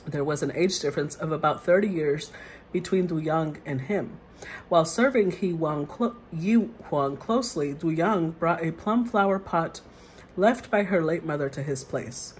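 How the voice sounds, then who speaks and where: A woman's voice: low voice, normal speed, a little hiss or hum, low-quality recording. A woman tarot reader who reads the card meanings aloud and then muses over them in a casual way.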